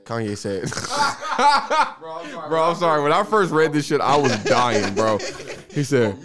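A man's voice: on the high side, slow pace, a crowd in the background. A man hosting a podcast in casual, profane chat, telling stories with lots of laughter. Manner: animated, laughing, profane storytelling. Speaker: podcast host.

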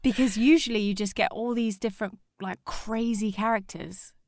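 A young woman in casual chat, telling a story with animated acted-out quotes. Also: mid-range voice, normal speed, dry recording, studio quality.

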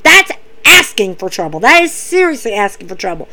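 A woman casually recapping wrestling events, animated, dropping her voice to act out what the wrestlers say. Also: fairly quick. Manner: animated, acts out wrestlers' lines in a lowered voice.

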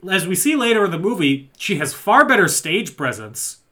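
A man's voice: high-pitched, very animated, normal speed, sharp tone. A man co-hosting a casual chat, recapping a movie plot in a rambling, dry, joking way. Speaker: podcast co-host.

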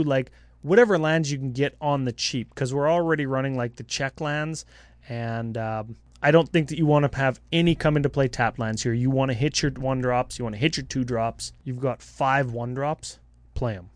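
An animated man co-hosts a casual card-game podcast, cracking quick jokes as he lays out strategy. His voice sits at an ordinary middle pitch. The sound is close and dry. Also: no room sound. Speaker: podcast co-host.

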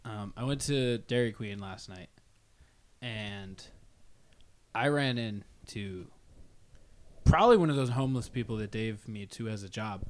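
A man's voice: fairly low pitch, unhurried, pauses often. A man co-hosting a casual podcast, telling a funny story with laughter and acting out both sides of the dialogue. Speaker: podcast co-host.

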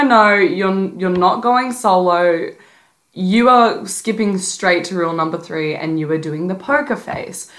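A young woman with a slightly low voice talks straight into the mic like she's giving a friend tough love. She's sassy, blunt and profane, all casual podcast chat. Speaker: podcast host. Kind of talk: casual advice podcast monologue.

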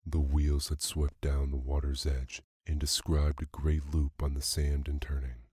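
A man narrating a classic short story for a sleep podcast in a calm, even storytelling manner. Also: extremely low pitch, unhurried, husky, dry recording, clean studio sound. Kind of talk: bedtime story reading.

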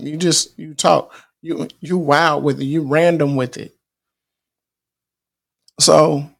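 A middle-aged man talks through life advice at an unhurried, drawn-out pace. His voice has a gravelly, fry-laden edge and sits a little higher than most men's. He sounds earnest and a bit preachy, circling back over his points and restarting phrases as he goes. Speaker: podcast host. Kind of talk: casual motivational talk.

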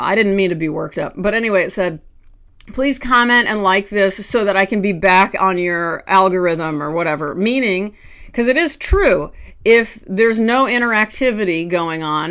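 A woman artist talking to camera at home, ranting with quick restarts and asides. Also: mid-range voice, a bit bright, clear, resonant tone. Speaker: artist vlogger. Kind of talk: casual talk to camera.

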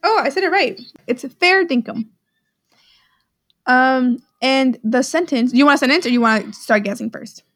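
A woman's voice: high voice, normal speed, fairly bright tone, dry recording, clean studio sound. A woman co-hosting a podcast, chatting casually and playfully, often joking and then saying she is kidding. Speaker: podcast co-host. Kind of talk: casual chat, slang guessing game.

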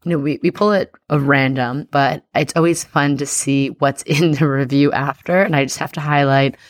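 A woman hosting her own podcast as an astrologer, talking in a casual, rambling and earnest way, restarting often and warmly affirming her listeners. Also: sits low, steady tone, normal speed. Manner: upbeat and affirming toward listeners. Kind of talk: casual solo podcast talk.

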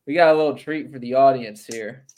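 A man's voice: medium pitch, fairly quick, background noise. Eager podcast host man. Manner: eager, short interjections. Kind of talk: casual chat.

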